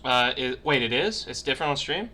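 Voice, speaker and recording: Young guy streaming from his room, bright voice, rambly and sweary, webcam mic. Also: mid-range voice, animated, fairly quick. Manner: rambling, lots of swearing and fillers. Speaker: streamer podcast host. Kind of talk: casual chat on a livestream. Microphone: webcam mic on a video call.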